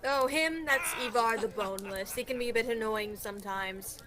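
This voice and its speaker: A woman's voice: on the high side, normal speed, bright, forceful tone. A teenage girl playing a chatty, teasing young Viking woman in a school radio play. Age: teens.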